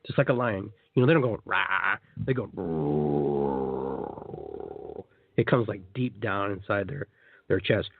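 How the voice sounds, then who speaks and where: A man's voice: on the low side, brisk, creaky, husky. A man hosting a live call-in radio show, chatting with enthusiasm and guiding listeners through a meditation, with lots of repeats and restarts. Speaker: radio show host and shamanic guide. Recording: tinny phone-line sound.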